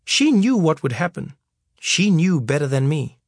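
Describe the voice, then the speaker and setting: A man's voice: on the high side, sing-song, a little slow, dry recording. A man reading his memoir aloud, wry and storytelling, on a close studio mic. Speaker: narrator.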